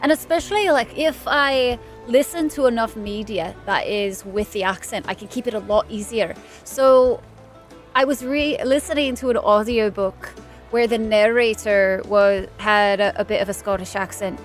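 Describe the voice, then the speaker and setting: Bubbly streamer woman, fairly high voice. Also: moderate pace, soft background music. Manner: chatty, bubbly, chats with viewers while playing. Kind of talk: casual let's-play commentary.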